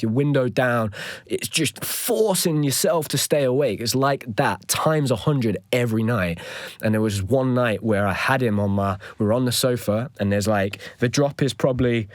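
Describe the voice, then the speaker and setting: A man's voice: on the low side, dry recording, studio quality. A young man, a podcast host, telling a candid personal story in an earnest, rambling way with lots of fillers.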